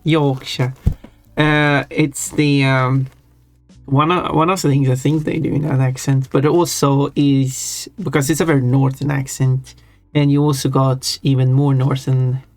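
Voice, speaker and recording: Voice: medium pitch, little pitch movement, measured pace, dry recording. A live streamer chatting casually while drawing, musing in a rambling, self-deprecating way. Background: faint chill background music.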